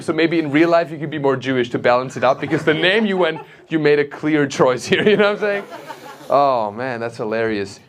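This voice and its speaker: A man with a German accent doing stand-up crowd work, brash and teasing, often laughing at his own jokes. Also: a little high. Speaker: stand-up comedian. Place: comedy club stage with audience.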